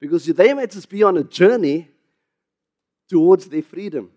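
Casting: South African male pastor, lively sermon delivery, slightly higher voice. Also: moderate pace. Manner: animated preaching, rising loud on emphasis, with chuckles and asides.

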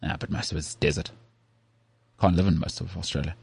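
A man from South Africa co-hosting a podcast, telling rambling, animated stories in casual chat. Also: low voice, a little fast, creaky, husky. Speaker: podcast co-host. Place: Cape Town.

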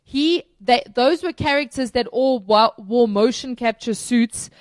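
A woman's voice: on the high side, measured pace, dry recording. A woman chatting casually and enthusiastically as co-host of a film review, with lots of fillers and restarts. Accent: South African.

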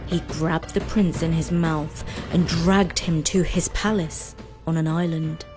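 A woman narrating a fairy story in a measured, expressive reading. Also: low-pitched, music in the background. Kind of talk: scripted narration.

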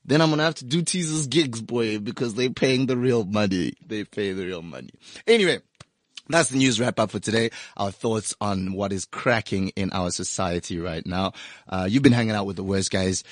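A man's voice: lowish voice, expressive, moderate pace, no room sound, studio quality. A man co-hosting a radio talk show, bantering casually and laughing a lot. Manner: laughs a lot, loose and joking. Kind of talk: casual banter and freestyle rap.

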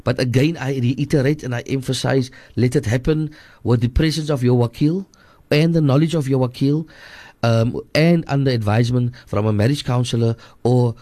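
Earnest Cape Town radio scholar, dry studio. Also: male voice, mid-range voice, normal speed, mellow, no room sound. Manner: earnest, repetitive, switches into Afrikaans. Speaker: radio guest scholar answering listener questions. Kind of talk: radio advice call-in.

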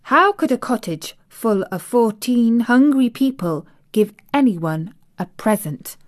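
A woman voicing a blunt, prim young English girl with a sharp manner. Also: mid-range voice, measured pace, close to an everyday voice.

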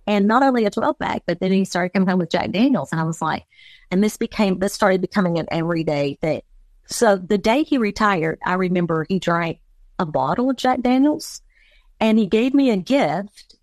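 A woman's voice: medium pitch, lively intonation, normal speed, darkish tone, dry recording. A woman in an interview, speaking candidly about her husband and laughing now and then while telling hard memories. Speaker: interviewee, wife of a former football player. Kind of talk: personal interview.

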